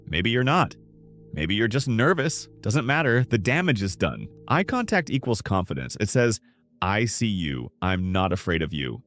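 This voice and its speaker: A man with a low voice and a lively, swinging delivery narrates a scripted self-help lesson on speaking. His sentences are short, punchy and emphatic. Soft music plays underneath. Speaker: speaking coach.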